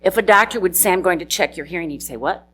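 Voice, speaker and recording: A woman's voice: lowish voice, fast, a bit bright. A middle-aged woman giving a eulogy for her husband, sharing fond, funny anecdotes and laughing through tears. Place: memorial service hall.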